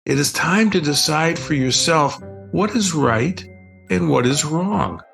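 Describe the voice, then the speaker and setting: A man voicing a calm, patient father in a storybook, gently instructing. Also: on the high side, a little slow, creaky, faint music behind, heavily acted.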